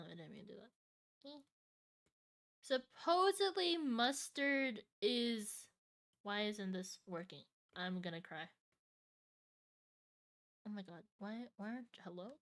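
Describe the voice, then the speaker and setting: Woman streamer, casual live chat, bright and slightly high, excitable and rambling. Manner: excitable, restarts and rambles, laughs often. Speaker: streamer reacting to a video.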